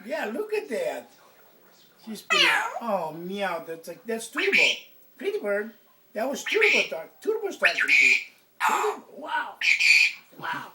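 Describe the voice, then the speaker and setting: A woman talking to her pet parrot in a sing-song baby-talk voice in a home video. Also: on the low side. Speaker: pet owner. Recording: distant home camera with loud background noise.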